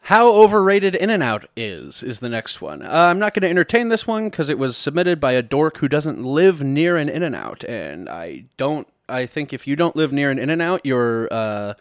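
A man's voice: a little high, very animated, moderate pace, few pauses, dry recording, clean studio sound. A young man from Missouri hosting a podcast, ranting in a casual, profane, rambling way that keeps cutting itself off with jokes. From Missouri, USA. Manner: profane, rambling, self-interrupting, jokey. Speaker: podcast host. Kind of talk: casual comedic rant. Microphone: podcast mic.

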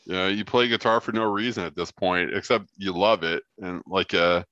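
Low rambling man, dull lo-fi sound. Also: fairly even intonation, normal speed, sharp tone, no room sound. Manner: rambling, profane, joking. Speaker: guitarist and songwriter, guest. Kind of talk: casual interview chat.

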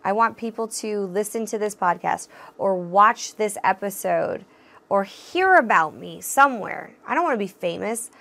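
A woman's voice: on the high side, creaky, a bit bright. A young woman hosting a casual solo podcast, talking straight to her listeners in a candid, encouraging way, swearing freely and laughing often. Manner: encouraging, addresses listeners directly. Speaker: podcast host.

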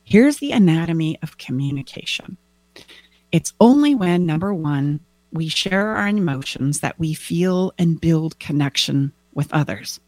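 A lively woman teaching about relationships, her pitch swinging wide as she acts out little conversations. Her voice sits fairly low, and the sound is dry and close with no room echo. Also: unhurried. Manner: animated, acts out quoted dialogue with big pitch jumps. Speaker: relationship coach. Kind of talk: teaching talk with acted examples.

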